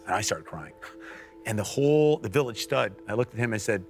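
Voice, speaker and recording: Low-voiced American man telling an earnest story. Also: animated, a little fast, gravelly, soft background music. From United States. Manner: earnest storytelling with quiet, emotional stretches. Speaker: guest on a faith talk show. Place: TV studio.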